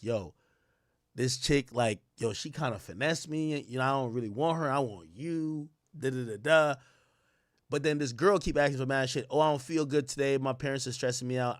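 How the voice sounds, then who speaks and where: A man's voice: medium pitch, no echo, clean studio sound. A young man hosting a podcast, telling a long personal story in casual, profane talk and quoting others in his own voice. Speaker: podcast host.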